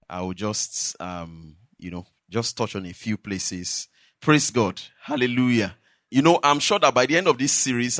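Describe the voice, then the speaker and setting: A man with a Nigerian accent preaching in church, telling testimonies in a lively way with bursts of laughter. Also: mid-range voice, dry recording, clean studio sound. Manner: animated storytelling with laughter. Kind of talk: sermon testimony.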